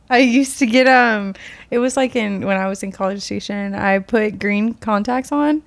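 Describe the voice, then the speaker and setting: A woman's voice: medium pitch, a little slow, dry recording. A woman co-hosting a casual podcast, chatting loosely with plenty of fillers. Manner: relaxed and conversational, many fillers. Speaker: podcast co-host. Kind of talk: casual chat.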